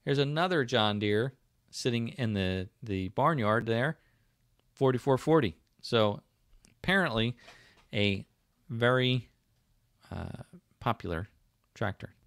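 A man's voice: medium pitch, lively intonation, takes it slowly, pauses often, a bit bright, dry recording, clean studio sound. A man with a South Jersey accent hosting a casual livestream, rambling with many fillers and restarts as he answers viewer comments. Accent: South Jersey / Philadelphia. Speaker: livestream host.

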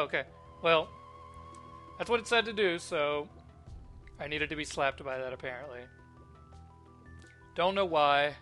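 A man's voice: medium pitch, bright, forceful tone. A man hosting a let's play, chatting casually and joking as he comments on the game. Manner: joking, chatty, reads game text aloud.

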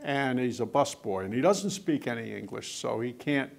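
A man's voice: medium pitch, lively intonation, moderate pace, gravelly. An older man, an author, chatting and telling anecdotes with lots of quoted dialogue. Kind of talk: casual storytelling in conversation.

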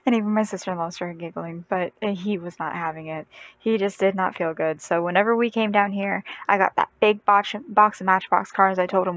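A young woman chats through a family story for her vlog, circling back and correcting herself as she goes. Her voice sits at an ordinary middle pitch and is recorded close and dry, with no room sound. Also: moderate pace, fairly bright tone, dry recording, low-quality recording. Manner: rambling, self-correcting, laughs often. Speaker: vlogger.

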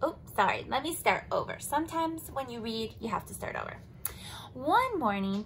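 A woman teacher reading a picture book aloud to children and explaining it in a lively way. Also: a little high, moderate pace, slight background noise, poor audio. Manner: animated, explaining to kids.

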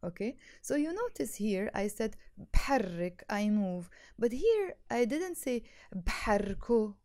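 A woman teaching a language lesson, patiently explaining and repeating words slowly for learners. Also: a little high, big pitch swings, darkish tone. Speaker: Arabic teacher.

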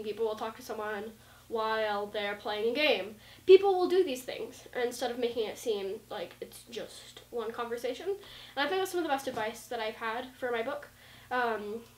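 A woman vlogging in a casual, rambling way, full of likes and ums, acting out lines of dialogue as she goes. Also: on the high side. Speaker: vlogger talking about writing. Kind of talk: casual rambling talk to camera. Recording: roomy sound from a distant mic.

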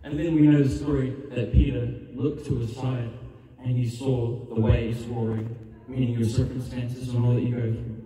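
A man's voice: mid-range voice, level tone, normal speed, crowd noise. A man preaching an evangelist's sermon with passion, building to a fervent altar call and prayer. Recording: roomy hall reverb, distant mic. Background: music under the preaching.

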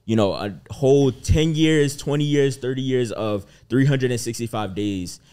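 A man's voice: medium pitch, normal speed, warm tone, clean tone. A man in his twenties, co-hosting a podcast, talking earnestly and reflectively in casual chat. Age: 20s. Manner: earnest, reflective, often asks "you feel me?". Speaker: podcast co-host.

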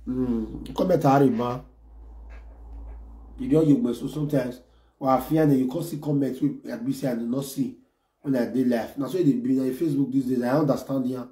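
A man with a Nigerian accent giving a mocking, insulting rant, switching between loud jeers and low muttering. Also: fairly even intonation, normal speed, echoey room. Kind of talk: ranting online commentary.

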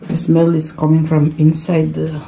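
A woman vlogging outdoors as she climbs a ruin, talking to her viewers in a slow, unhurried way full of nervous exclamations. Her voice sits low and a little gravelly, with a dark, mellow tone. It is picked up on an action camera. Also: monotone, a little hiss or hum. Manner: nervous running commentary to viewers, many exclamations. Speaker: travel vlogger. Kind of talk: handheld travel vlog commentary.

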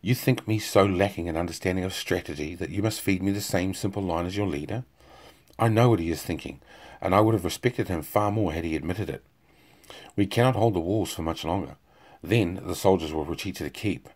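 A man's voice: low voice, brisk, darkish tone. A man voicing a bitter, outspoken army surgeon with a cutting, sarcastic manner.

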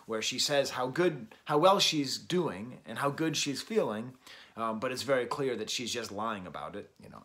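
A man talks through an album review at home while exercising. His voice sits at a plain middle pitch, and he hesitates often with ums and soft chuckles as he goes. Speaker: host and record reviewer. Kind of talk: casual album review monologue.

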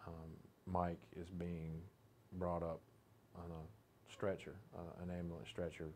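A sheriff speaks in a very low, level voice with little rise and fall. He recalls events slowly and reflectively, pausing with fillers. The setting is a documentary interview. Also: completely flat delivery, a little mellow, slight background noise.

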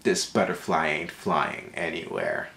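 A man's voice: a bass voice, unhurried, creaky, roomy sound. A young man hosting a comedy vlog, reading viewer comments aloud in a sassy, exaggerated manner. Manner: animated, swings between voices, sassy and exaggerated.

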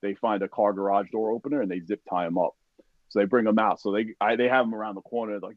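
Speaking fairly low and quickly, this army veteran is a guest on a podcast, recounting a war story with plenty of swearing. His telling is animated, full of acted-out quotes and frequent "like" and "you know," and the recording is dry and dull.

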